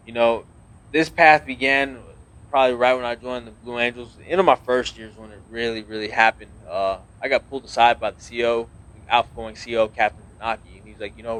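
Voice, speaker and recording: A man's voice: mid-range voice, fairly bright tone. A man in his thirties, a naval officer, talking earnestly in a casual podcast interview, rambling with many restarts.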